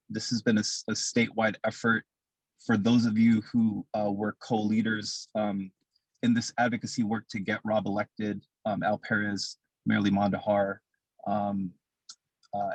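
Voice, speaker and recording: Emotional man with a husky, flat voice. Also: fairly low pitch, dry recording, poor audio. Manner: heartfelt, emotional, voice cracking. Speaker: caucus vice chair. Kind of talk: speech at a virtual celebration. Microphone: video call.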